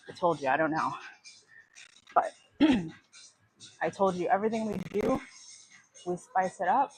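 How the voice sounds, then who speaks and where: A woman's voice: lowish voice, expressive, unhurried, pauses often, rough recording. A woman vlogging her workout in a gym, chatting while she exercises and out of breath. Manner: chatty, talks while exercising, sighs and clears throat. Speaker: fitness vlogger. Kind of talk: casual workout livestream talk.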